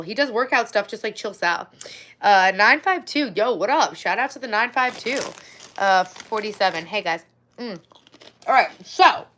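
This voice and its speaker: Bright-voiced woman in her forties chatting. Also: mid-range voice. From Long Island, New York. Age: 40s. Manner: playful, chatty, thanks viewers by name; swears casually. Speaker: livestream host. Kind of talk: casual livestream chat.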